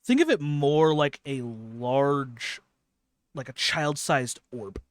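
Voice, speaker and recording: A man narrating a tabletop game as game master, in a slow, halting way. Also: mid-range voice, no room sound.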